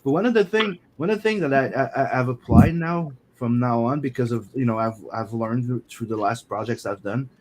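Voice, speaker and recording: A man, a comic creator hosting a livestream, explaining his process in an excited, repetitive way. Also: mid-range voice, a little fast, hardly any pauses, a little hiss or hum. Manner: excited, repetitive, story-telling. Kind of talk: casual livestream chat.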